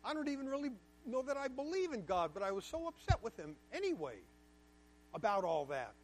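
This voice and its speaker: A man's voice: extremely high pitch, very animated, brisk, slight background noise. A man giving a candid, emphatic lecture to a class, telling a personal story and repeating words for stress. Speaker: guest speaker to a class.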